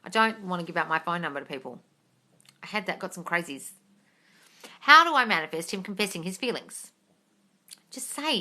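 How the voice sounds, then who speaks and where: Brassy, bright-voiced woman live-streaming. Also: fairly low pitch, lively intonation, normal speed, long pauses. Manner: blunt, brassy, swears freely, calls viewers darling. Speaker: host of a manifesting Q&A live stream. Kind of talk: casual live chat reading viewer questions. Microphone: phone mic on a live stream.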